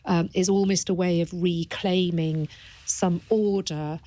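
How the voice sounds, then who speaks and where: A thoughtful woman in a podcast conversation, reflecting earnestly and often circling back to restart a phrase. Her voice sits somewhat low. The sound is dry and close-miked. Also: steady tone, measured pace, dark tone, no echo. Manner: earnest and thoughtful, with frequent restarts and repeated words. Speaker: palliative care doctor, podcast guest.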